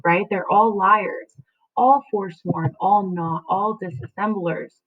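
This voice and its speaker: A woman's voice: fairly low pitch, steady tone, measured pace. A woman teacher explaining a play to her class, checking in often with "right?" and "okay?". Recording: tinny phone-like sound.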